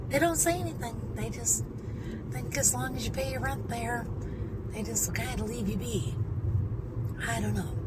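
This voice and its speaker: A woman in her fifties, chatting through a rambling video update from inside her car. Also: sits high. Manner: rambling, chatty, frequent fillers and restarts. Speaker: vlogger. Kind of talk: casual vlog update. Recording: audible car noise. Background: car and road noise.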